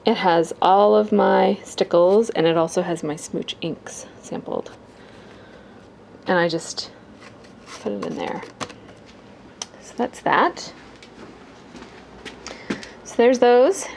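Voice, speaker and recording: A woman's voice: mid-range voice, slight background noise, rough recording. A woman giving a casual tour of her home craft room, chatty and rambling with lots of fillers. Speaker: crafting vlogger.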